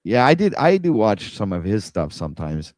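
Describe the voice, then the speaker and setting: A man's voice: lowish voice, sing-song, moderate pace, darkish tone, dry recording. Exasperated rambling male livestreamer. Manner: rambling, exasperated, talks to viewers while scrolling. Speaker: livestream host. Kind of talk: casual livestream commentary.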